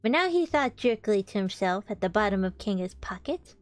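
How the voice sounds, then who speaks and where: A woman's voice: medium pitch, very animated, a little fast, hardly any pauses, faint music behind. A woman streamer reading a storybook aloud, with chatty, playful asides.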